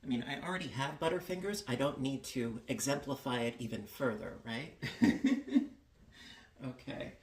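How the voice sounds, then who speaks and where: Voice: mid-range voice, brisk, hardly any pauses, a little hiss or hum. A home baker chatting casually in a kitchen while demonstrating a recipe, playful and full of jokey asides. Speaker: home baking vlogger.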